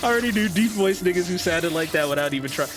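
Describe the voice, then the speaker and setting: A man's voice: high-pitched, animated, rapid-fire. A young man streaming a game, chatting casually, joking, swearing and laughing often. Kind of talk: casual livestream chat.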